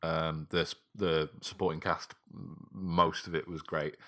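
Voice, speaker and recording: A man's voice: a bass voice, flat delivery, a little slow, sharp tone. A man co-hosting a podcast, chatting casually, swearing and laughing as he rambles. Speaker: podcast co-host. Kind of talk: casual chat.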